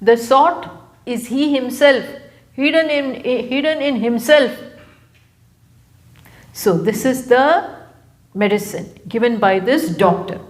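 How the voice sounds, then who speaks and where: Slow, deliberate Indian woman teaching scripture. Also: fairly high pitch. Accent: Indian English. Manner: unhurried, repeats key phrases for emphasis. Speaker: spiritual teacher. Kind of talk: scripture lecture. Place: live talk venue.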